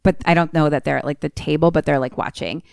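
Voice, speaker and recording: A woman podcast co-host casually retelling a film plot, animated and swearing often. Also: low-pitched, fast, creaky, smooth, dry recording, studio quality.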